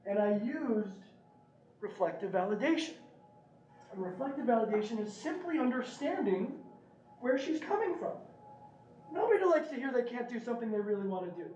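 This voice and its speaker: Middle-aged man giving an animated talk. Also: extremely high pitch. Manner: animated, asks the audience "right?". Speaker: speaker at a parent meeting. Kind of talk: presentation with storytelling. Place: meeting room. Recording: roomy, distant, dull room recording.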